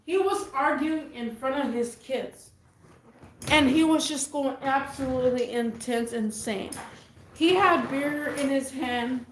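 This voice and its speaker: A woman vlogger telling a neighbor story in a rambling, animated, slangy way. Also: sits high, unhurried, reverberant, slight background noise. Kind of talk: casual storytelling.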